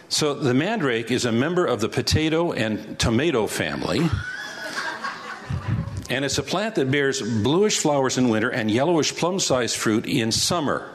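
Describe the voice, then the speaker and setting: A man's voice: mid-range voice, expressive, a little slow, fairly bright tone. A man pastor teaching a Bible passage verse by verse in a conversational way, asking rhetorical questions.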